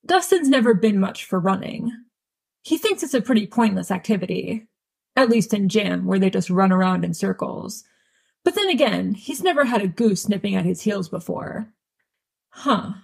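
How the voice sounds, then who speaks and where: A woman narrates a story in a wry, deadpan way. Her voice is gravelly and husky, and she sits at a middling pitch. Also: moderate pace. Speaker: audiobook reader. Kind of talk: fan audiobook narration.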